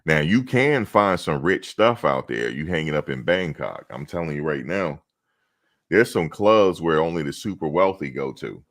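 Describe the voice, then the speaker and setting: Speaking at a normal pace, this man has an extremely low yet slightly bright voice and an expressive delivery. He's a reaction streamer chatting casually, wandering through rambling stories and addressing the viewers in his chat directly.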